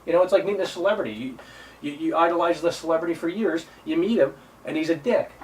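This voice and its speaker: A man rants on a live stream, slightly high-voiced and repetitive, with sarcastic whiny imitations of his critics. He sits some way from the mic. Faint noise hums underneath. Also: fast, distant mic, rough recording. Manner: repetitive, combative. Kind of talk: ranting live stream commentary.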